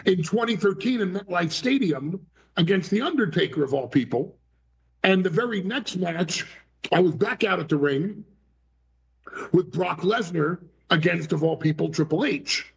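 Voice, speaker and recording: A man's voice: high-pitched, animated, normal speed, creaky. A man talking as a talk show guest, theatrical and bombastic, acting out voices in his stories. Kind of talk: animated talk show interview.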